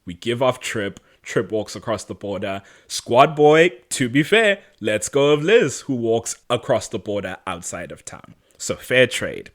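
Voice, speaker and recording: A male podcast co-host talking through a TV episode in loose, casual chat. His voice sits at an ordinary middle pitch, and he jokes and laughs freely as he goes. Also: animated, unhurried, few pauses, fairly bright tone. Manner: chatty and joking, laughs often.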